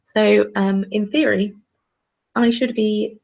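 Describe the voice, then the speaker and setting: A young woman hosting a live craft stream, chatting in a bubbly, excitable way. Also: mid-range voice, normal speed, vocal fry, lo-fi sound. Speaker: craft channel host. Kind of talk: casual live-stream chat.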